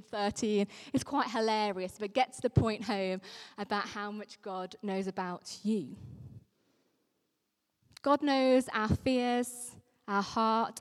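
A woman vicar giving an earnest, emphatic sermon. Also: on the high side. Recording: long reverberant hall sound.

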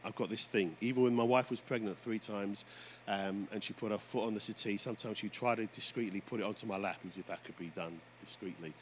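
A man preaching a sermon as pastor, telling stories with lively energy and calling out to the congregation. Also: fairly low pitch, quick pace, few pauses. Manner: animated storytelling preacher, often addressing "folks". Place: church. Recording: faint background noise.

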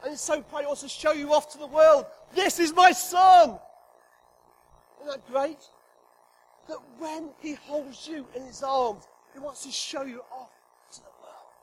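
A man's voice: extremely high pitch, steady tone, normal speed, a little mellow, a little hiss or hum, rough recording. A middle-aged man preaching a sermon to a congregation, joking with them and acting out God's voice with emphasis. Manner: humorous, emphatic, acts out God's voice. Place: church hall with congregation.

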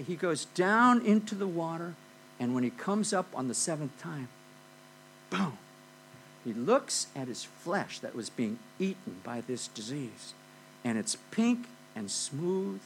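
A man preaching a sermon, telling a Bible story in a lively, conversational way and checking in with "okay?" often. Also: fairly high pitch, measured pace, creaky, slight background noise, low-quality recording. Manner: animated storytelling with frequent "okay?" and "you know".

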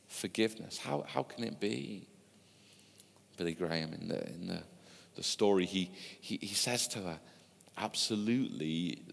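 A man's voice: sits low, gravelly. A man preaching a sermon, telling stories in a conversational way with asides to his listeners. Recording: long hall reverb.

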